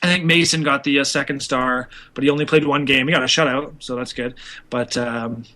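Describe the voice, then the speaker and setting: A man's voice: mid-range voice, steady tone, brisk, sharp tone. A young man co-hosting a casual hockey podcast, talking loosely with lots of fillers and laughter. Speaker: podcast co-host.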